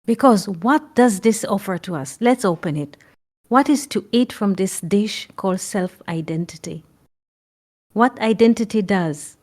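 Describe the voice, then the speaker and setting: Slow, emphatic woman teaching. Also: medium pitch, animated, a little mellow. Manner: earnest, emphatic, repeats phrases, blunt swearing. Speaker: spiritual teacher. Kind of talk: spiritual teaching talk.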